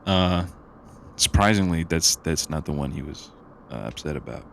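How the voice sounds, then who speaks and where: Deep gravelly young man, rambling chat. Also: expressive, normal speed, slight background noise. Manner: rambling, loose, lots of fillers and slang. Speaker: podcast co-host. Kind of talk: casual chat.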